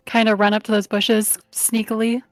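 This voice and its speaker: Higher-voiced woman player, unsure. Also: completely flat delivery, normal speed, dry recording, faint music behind. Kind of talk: casual tabletop talk.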